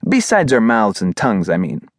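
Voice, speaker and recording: A man voicing a calm, patient male dog who leads his friends with coaxing questions. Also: on the low side, moderate pace, dry recording, clean studio sound.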